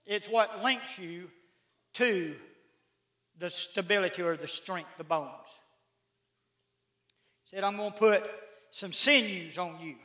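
A middle-aged man preaches. His voice is very high and sharp-edged, and his folksy delivery climbs into shouts. The sound carries the echo of a church sanctuary on a live stream. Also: slow, pauses often. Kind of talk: sermon. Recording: echoey church livestream.

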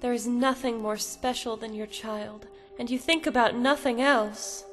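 A woman's voice: fairly high pitch, steady tone, measured pace. An actress playing a desperate mother who fights to get her lost son back. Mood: remorseful. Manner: frantic pleading, then quiet confessional. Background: music score.

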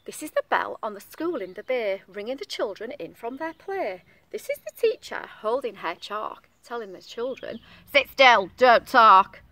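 A woman's voice: fairly high pitch, very animated, moderate pace, few pauses, slight background noise. A woman reading a picture book aloud to young children in a sing-song voice, stopping to ask them questions.

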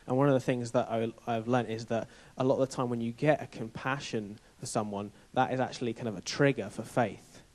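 A man training a church group, telling a personal story in an earnest, animated, informal way. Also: medium pitch, brisk, hardly any pauses. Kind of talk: conversational storytelling talk. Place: church building.

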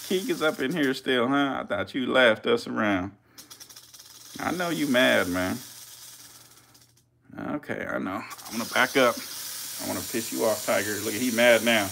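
A man giving casual live-stream commentary as a reptile keeper, chatty with viewers, swearing and getting excited. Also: medium pitch, moderate pace, gravelly, pauses often, slight background noise.

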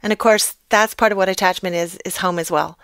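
A woman's voice: fairly low pitch, fairly even intonation, a little fast, fairly bright tone, clean tone, no room sound, studio quality. An American woman talking as a podcast guest, explaining ideas in a reflective way. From United States. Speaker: guest expert. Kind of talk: podcast interview.

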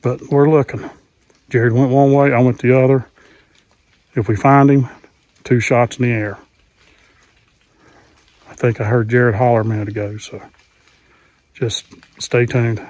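A man with a drawl talks into his phone while he makes his way down a wooded mountainside. He speaks earnestly in a mid-pitched voice and keeps coming back to the same safety advice. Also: flat delivery, measured pace, long pauses, a little mellow. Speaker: channel host. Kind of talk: outdoor vlog talk. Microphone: handheld cell phone.

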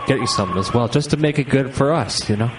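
A man on a prank call, pushing hard and accusing the other side with mock offense. His voice sits at a middling pitch and sounds set back from the mic. A steady noise runs under the line. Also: fast. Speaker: prank caller. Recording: distant noisy phone line.

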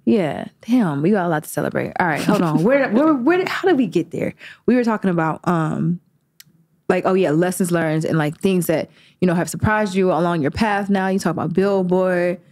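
Female host, casual chat, playful and energetic. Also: lowish voice. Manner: lively, teasing, quick to laugh.

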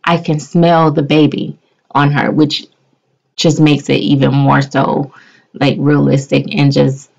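A woman gushes casually to her viewers, full of fillers and asides. Her voice is gravelly and unhurried, at a middling pitch. The recording is dull and lo-fi. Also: level tone, darkish tone. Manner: chatty, gushing, lots of fillers. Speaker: doll collector vlogger. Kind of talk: casual chat. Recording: dull lo-fi sound.

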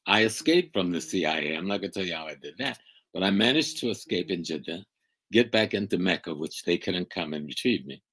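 Older man with a low, husky voice. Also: animated, brisk, rough recording. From United States. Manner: emphatic, dramatic storytelling with loud bursts. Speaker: guest. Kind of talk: storytelling in a conversation. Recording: video call interview.

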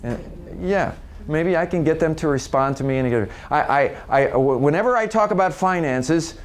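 A man's voice: fairly high pitch, normal speed. Chatty man acting out little exchanges. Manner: animated, acts out little quoted exchanges; repeats and restarts words often. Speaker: communication trainer. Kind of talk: informal talk on handling difficult people.

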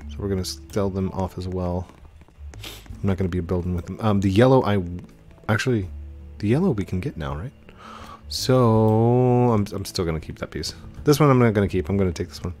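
A young man hosting a gaming channel, giving chatty, excitable gameplay commentary with frequent exclamations. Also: on the low side.

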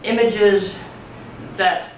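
A poetry teacher speaks very slowly in a steady, medium-pitched voice, lecturing conversationally and often checking in with the class. The recording is muffled, made with a far-off mic in a roomy classroom with faint noise.

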